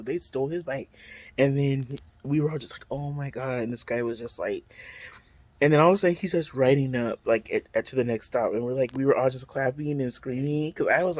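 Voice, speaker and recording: With no room sound audible, a man records a home vlog: first a story about a bus, then a skincare unboxing. He's chatty, exclaims dramatically and uses many fillers, his medium-pitched voice slightly mellow.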